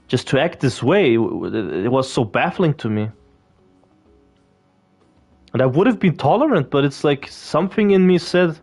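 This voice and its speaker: A man's voice: medium pitch, sing-song, moderate pace, long pauses, darkish tone, soft background music. A man chatting casually while he plays a video game, rambling and swearing with lots of fillers and restarts. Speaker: gaming video creator. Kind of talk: casual gameplay commentary.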